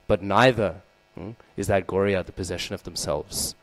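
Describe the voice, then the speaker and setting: A man's voice: low voice, normal speed, hardly any pauses, low-quality recording. A man giving a sermon as he tells a devotional story, acting out the figures and asking the listeners questions, often adding "right?" and "hmm?". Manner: storytelling, acts out the quoted figures. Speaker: speaker giving a scripture class.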